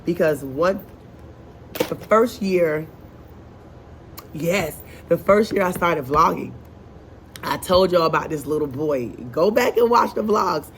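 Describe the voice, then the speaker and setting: A woman's voice: on the low side, animated, slow pace, long pauses, slight background noise. A woman, a first grade teacher, venting in a casual vlog in her classroom. She talks in an exasperated, chatty way with many asides and sounds congested and short of breath.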